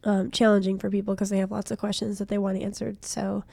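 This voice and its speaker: A young woman with a cold, her voice hoarse and stuffy, chatting casually and self-deprecatingly while streaming a game from a small room. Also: medium pitch, little pitch movement, quick pace, warm tone, no room sound. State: congested from a cold.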